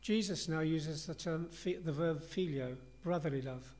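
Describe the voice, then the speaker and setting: A man gives a sermon at a moderate pace, leading his congregation through a passage in a relaxed, talking-it-over style. He sounds sincere and contemplative, and his voice sits slightly higher than most men's.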